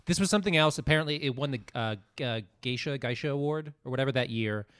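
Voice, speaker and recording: A man co-hosting a podcast, chatting casually and telling stories, animated and profane, jumping between loud outbursts and low mutters. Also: fast, clear, resonant tone. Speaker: podcast co-host and comedian. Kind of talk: casual chat.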